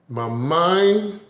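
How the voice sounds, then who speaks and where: A man's voice: on the high side, a bit bright, roomy sound. A man vlogging casually, rambling with stuttered restarts and openly emotional, laughing and tearing up as he talks. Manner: rambling, repeats words in restarts. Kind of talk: casual spoken vlog.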